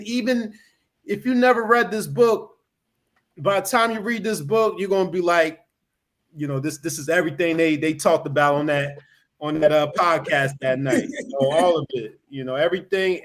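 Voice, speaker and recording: A man's voice: high voice, normal speed. A man hosting a casual podcast chat over a video call, rambling with lots of "you know" fillers.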